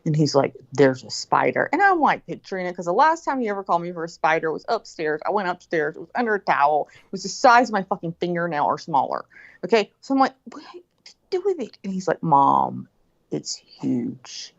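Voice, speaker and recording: A middle-aged woman telling a story in casual chat, animated and profane, acting out what people said. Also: on the low side, brisk, vocal fry. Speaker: guest. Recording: dull lo-fi sound.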